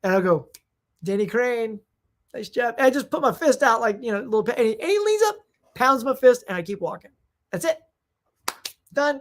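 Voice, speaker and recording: A woman hosting a casual live-stream show, reading out viewer comments and answering them in an excitable, rambling, slangy way. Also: on the high side, fast, long pauses. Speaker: host of a live movie chat show.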